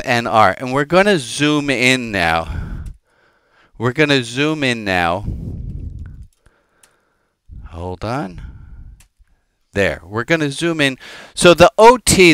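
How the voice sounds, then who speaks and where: A man's voice: on the high side, fairly bright tone, smooth, no echo. A man who is a rabbi gives an informal teaching sermon, talking conversationally with the congregation, wandering off on tangents and making jokes. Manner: conversational, digressive and joking, addressing the congregation.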